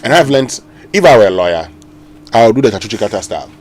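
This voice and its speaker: A man hosting a radio morning show, chatty and quick to laugh, fond of debate. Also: fairly low pitch, big pitch swings, slight background noise. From Ghana. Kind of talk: casual radio banter and segment hosting. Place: radio studio.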